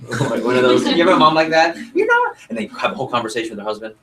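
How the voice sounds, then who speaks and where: A man's voice: medium pitch, very fast, a little hiss or hum, rough recording. A man leading a sales training session for a group, asking the audience questions and acting out lines to customers. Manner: animated, role-plays customer lines, asks audience questions.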